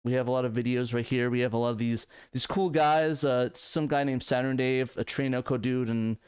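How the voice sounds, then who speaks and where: A man co-hosting a casual live stream, easily excited and bursting into laughing exclamations. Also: medium pitch, a little fast, clear, resonant tone, no echo, clean studio sound. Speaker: podcast co-host.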